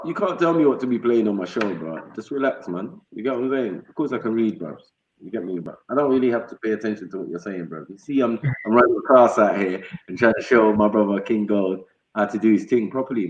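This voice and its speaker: A man's voice: on the low side, lively intonation, fairly quick, slight background noise. A man hosting a livestream, chatting casually in slang and freestyling. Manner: slangy, laid-back, repeats "you get me". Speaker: livestream host. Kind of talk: casual chat and freestyle rap. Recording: roomy, dull lo-fi stream audio with faint music.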